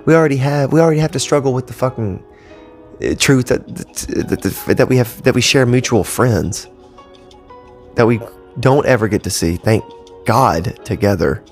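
His mid-range voice is a little mellow and moves at a moderate pace, with faint music playing underneath. The thirtysomething man hosts a casual solo podcast from a cable-cluttered home studio on a podcast mic, blunt, rambling and full of swearing.

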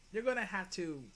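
A man's voice: sits high, fairly bright tone. A man hosting his own channel, rebutting another video in an exasperated, sighing way with some swearing. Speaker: channel host responding to a video. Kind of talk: casual commentary rebuttal.

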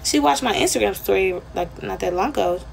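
Gravelly young woman chatting on a livestream. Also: mid-range voice, lively intonation, fairly quick, slight background noise. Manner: slangy, profane, rambling storyteller. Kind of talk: casual livestream chat with viewers.

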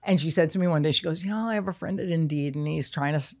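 A woman in her sixties with a low voice chats as a podcast guest. She talks bluntly and swears freely, acting out her stories with lots of energy. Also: rapid-fire. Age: 60s. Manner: blunt, profane, animated storytelling. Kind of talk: casual chat.

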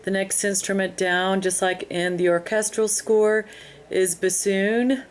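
A woman narrating a screen-recorded tutorial, explaining her steps in an unhurried way with frequent ums. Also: mid-range voice, fairly even intonation. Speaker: music software instructor.

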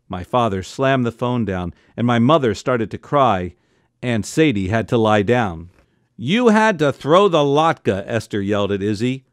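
A man, a cantor, reading a bedtime story aloud with lively, expressive delivery, jumping into high excited voices for the characters' lines. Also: a little slow, smooth, dry recording, studio quality. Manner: jumps into high excited voices for family members' quotes.

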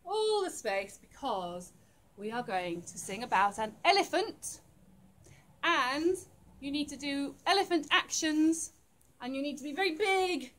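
A woman runs a library rhyme time for small children, addressing them at home in an animated way and making playful animal noises. Her voice sits high and moves a little slowly.

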